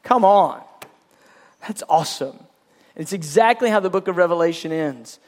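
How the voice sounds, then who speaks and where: Fervent high-voiced male preacher. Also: a little fast. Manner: fervent, emphatic, with repeated restarts. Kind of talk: sermon teaching.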